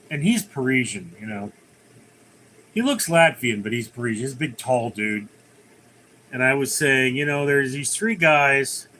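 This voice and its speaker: A man's voice: medium pitch, pushed and bright, a little hiss or hum. Rambling man hosting a livestream. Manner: rambling joke-teller, reading viewer comments aloud. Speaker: livestream host. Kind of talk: casual livestream chat.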